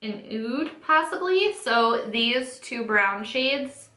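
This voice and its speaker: A beauty vlogger in her twenties does her makeup at a setup in a room at home, the space sounding echoey. Her voice is fairly high, bright and pushed, with lively intonation and a slow pace, as she chats through a casual storytime, saying "like" constantly and acting out quotes.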